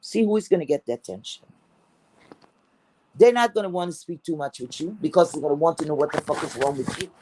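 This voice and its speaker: A woman's voice: deep voice, lively intonation, a little fast, darkish tone, slight background noise, low-quality recording. A woman with a Caribbean accent ranting to her viewers in a scornful, profane way, repeating words for emphasis. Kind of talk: angry rant to viewers.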